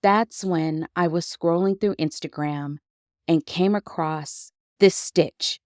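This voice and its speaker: A woman hosting her own podcast, telling a deeply personal story in a reflective, confessional way with emotional emphasis. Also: takes it slowly, darkish tone, dry recording, studio quality. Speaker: podcast host.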